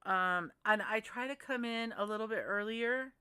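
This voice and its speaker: A woman's voice: fairly high pitch, moderate pace, bright, forceful tone, clear, resonant tone, no room sound. A woman hosting a casual livestream, chatting with viewers in a rambling, friendly way. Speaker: livestream host. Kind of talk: casual livestream chat reading comments.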